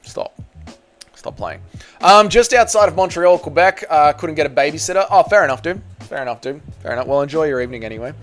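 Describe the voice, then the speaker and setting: A man's voice: a little high, animated, fairly quick. Aussie guy on a live stream, bantering with chat, reading messages out, faint music behind. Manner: banter, reads chat messages aloud and answers viewers.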